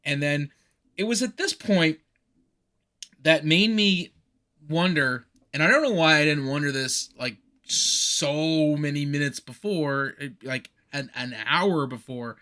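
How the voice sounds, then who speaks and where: A man co-hosting a podcast, recapping a movie in animated, rambling casual chat with frequent laughs. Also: fairly high pitch, takes it slowly. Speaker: podcast co-host.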